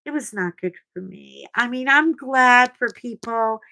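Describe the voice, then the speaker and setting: A middle-aged woman chatting on her own livestream, telling stories in an animated way and shrieking when she quotes herself. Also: on the high side, unhurried, creaky. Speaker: livestream host. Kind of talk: casual chat to live viewers.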